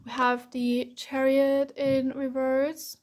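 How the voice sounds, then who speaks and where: A woman's voice: high voice, level tone, slow pace, a little mellow. A young woman from Germany with a German accent, giving a casual, chatty tarot reading and filling her talk with "like" and "um". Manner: casual, chatty, heavy use of "like" and "um". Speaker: tarot reader. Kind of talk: pick-a-card tarot reading.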